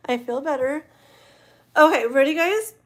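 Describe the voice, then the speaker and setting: A woman's voice: sits high, expressive, a little slow. A woman hosting a late-night livestream as a tarot reader, chatting casually with her viewers in a rambling way and sounding tired. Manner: chatty and rambling, talking to viewers in chat, many fillers and self-corrections. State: tired and yawning.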